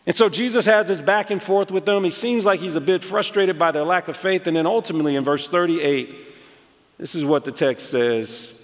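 Animated male pastor preaching in a hall. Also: high-pitched, fairly quick. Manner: animated storytelling, acts out quotes, rising emphasis. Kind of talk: sermon. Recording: long hall reverb.

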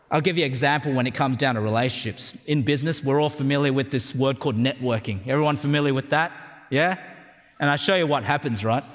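A man with an Australian accent preaching a sermon, conversational and joking, often checking in with the crowd. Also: mid-range voice. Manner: conversational and humorous, with frequent tag questions. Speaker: pastor. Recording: long hall reverb.

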